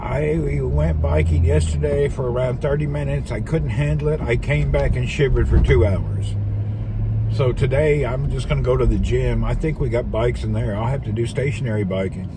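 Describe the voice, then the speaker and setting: A man rambles through a casual live stream from inside a car, cracking jokes and laughing at himself. His voice sits at an ordinary middle pitch. Steady road and engine noise hums clearly under everything he says. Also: normal speed. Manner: rambling, joking, laughs often. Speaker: vlogger. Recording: noisy car ambience.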